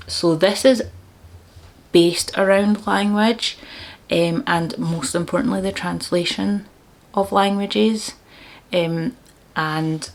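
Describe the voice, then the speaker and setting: Low-voiced woman chatting about books. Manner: chatty and enthusiastic, laughs often. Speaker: book vlogger. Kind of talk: casual book chat.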